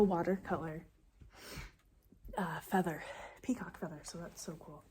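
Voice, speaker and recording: A sniffly woman knitting vlogger chatting excitedly as she unboxes a gift, sometimes dropping to a whisper. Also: lowish voice, a little slow, slightly rough. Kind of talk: casual unboxing chat.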